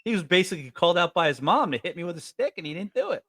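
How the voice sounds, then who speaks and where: A middle-aged man from New York State chatting casually as a podcast co-host, telling stories with lively acted-out voices. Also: high-pitched, racing, no room sound. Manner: animated storyteller, acts out quoted voices loudly. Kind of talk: casual chat.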